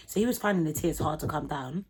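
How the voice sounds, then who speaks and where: A young woman telling a vlog storytime in animated, slangy talk, acting out the people in it. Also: low voice, fast. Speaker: vlogger.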